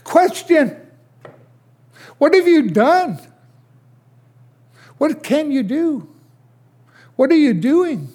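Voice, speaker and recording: Older male pastor, high voice, unhurried sermon delivery with sudden hushed asides. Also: sing-song. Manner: slow, questioning preacher who swings from loud to hushed.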